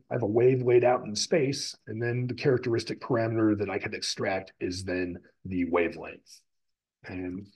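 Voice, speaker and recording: This recorded classroom lecture features a man explaining the physics of sound stage by stage, repeating and rephrasing terms along the way. His voice is lowish and husky, captured on a rough recording.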